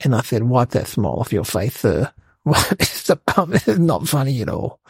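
A man voicing an excitable, rambling young schoolboy, telling a comedic story. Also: mid-range voice, normal speed, gravelly, breathy edge, dry recording, exaggerated voice. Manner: breathless rambling storyteller, lots of "like" and "guys".

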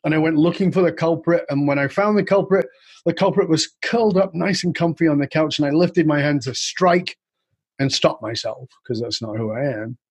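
A man's voice: on the high side, a little fast, breathy edge, dry recording. A man guest in an interview, candidly and reflectively telling a personal story with casual swearing.

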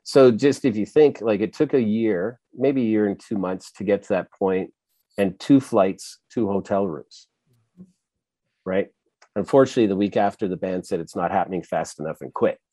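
A low-voiced man with a mellow, dark tone hosts a casual conversation over a video call. His recording is dry and close, and he rambles through stories full of "like" and "you know". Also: normal speed, no echo. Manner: chatty anecdotes, filler-heavy, laughs easily. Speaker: podcast host.

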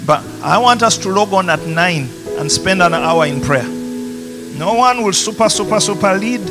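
A pastor with a Ugandan accent preaching a passionate sermon in a church, rising to emphatic peaks. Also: male voice, high-pitched. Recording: music playing behind.

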